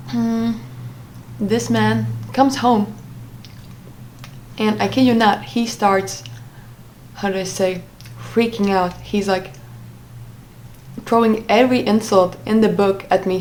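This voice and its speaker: A young woman talks through a personal story in a loose, unscripted way, full of fillers, restarts and asides. Her pitch sits in an ordinary middle range. A faint hiss runs under the recording. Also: a little mellow. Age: young adult. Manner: rambling with frequent fillers and restarts. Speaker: vlogger. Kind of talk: casual storytime monologue.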